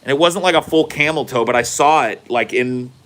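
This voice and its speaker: A man's voice: medium pitch, brisk, a bit bright. A man hosting a podcast, telling a rambling, profane story in casual chat. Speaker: podcast host.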